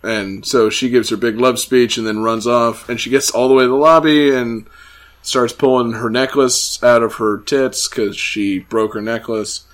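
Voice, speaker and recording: A man's voice: mid-range voice, steady tone, moderate pace. A man co-hosting a casual podcast, recapping a TV episode sarcastically, laughing often and acting out the characters' lines. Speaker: podcast co-host.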